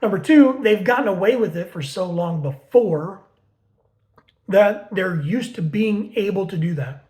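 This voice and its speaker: A man's voice: high-pitched, animated, measured pace, darkish tone. A man working as a dog trainer, talking casually and bluntly, swearing freely and explaining with homemade everyday comparisons while repeating words for emphasis. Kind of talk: casual teaching talk.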